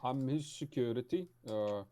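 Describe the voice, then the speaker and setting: A man's voice: mid-range voice, expressive, moderate pace, warm tone. A man playing a tabletop game, making dry, wisecracking remarks. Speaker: player. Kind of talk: joking table talk.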